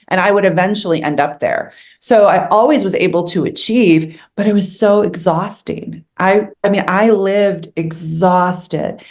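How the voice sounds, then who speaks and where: A woman's voice: on the low side, darkish tone. A middle-aged woman telling her own story as an interview guest, earnest and candid, emotional as she recalls hard moments.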